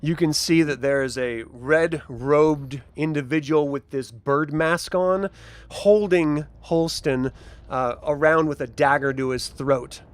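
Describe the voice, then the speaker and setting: A man's voice: on the high side, slow pace. A man narrating a tabletop game as game master, describing scenes and laughing easily.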